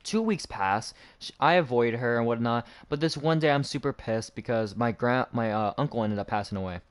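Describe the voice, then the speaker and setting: A man's voice: fairly quick, clean tone. Young man telling a story casually. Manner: animated, raises pitch to act out quoted people. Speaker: gaming channel host. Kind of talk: casual storytelling while gaming.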